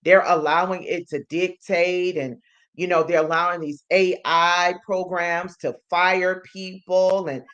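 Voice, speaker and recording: A woman's voice: fairly low pitch, level tone, unhurried, a bit bright. A woman co-hosting a live stream, talking casually and thinking aloud as she goes. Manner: rambling, thinks aloud with um and you know. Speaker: co-host.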